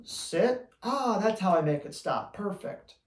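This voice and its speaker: A man's voice: sits high, expressive, unhurried, reverberant, distant mic. A man voicing the inner thoughts of a male dog being corrected in training. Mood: relieved.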